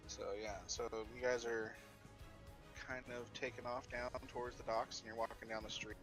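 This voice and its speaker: A man narrating a tabletop game as game master, in a relaxed, loose way. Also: mid-range voice, moderate pace, music in the background.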